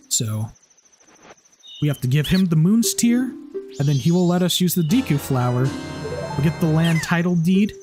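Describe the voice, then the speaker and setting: A man's voice: on the high side, expressive, moderate pace, long pauses. Rambling man narrating his gameplay. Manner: rambling, with many restarts and fillers. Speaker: gameplay commentator. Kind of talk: casual let's play commentary. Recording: game music playing behind.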